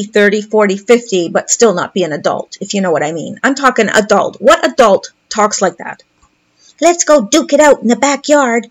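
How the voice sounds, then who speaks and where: A woman commentator reading posts aloud and commenting on them in a sarcastic, mocking way. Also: fairly high pitch.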